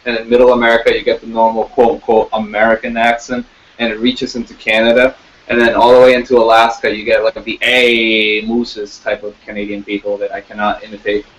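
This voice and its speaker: A man talking casually and rambling, with halting restarts and frequent swearing. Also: lowish voice, monotone, slight background noise. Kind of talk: casual chat. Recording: dull lo-fi sound.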